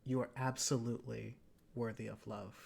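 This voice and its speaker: A woman's voice: medium pitch, a little fast, a little hiss or hum, close to an everyday voice. A woman voicing a sweet, nervous sixteen-year-old boy who speaks earnestly and formally.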